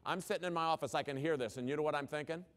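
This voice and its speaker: Rapid-fire folksy male keynote speaker. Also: a little high. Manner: punchy rhetorical questions, folksy humor. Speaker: education speaker, former principal. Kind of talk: conference keynote talk.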